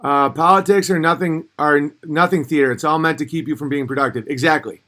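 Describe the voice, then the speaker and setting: A man hosting a casual livestream, reading viewer comments and answering in a blunt, profane, animated way that sometimes rises to shouting. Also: fairly high pitch, a little fast.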